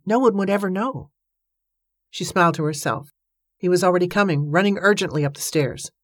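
A woman narrating an audiobook in an even, measured reading voice. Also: fairly low pitch, dry recording, studio quality. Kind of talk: scripted narration.

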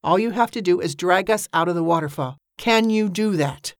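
A woman voicing a desperate, defiant young man who shouts and pleads. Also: on the low side, moderate pace, no room sound, clean studio sound, close to an everyday voice. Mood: determined.

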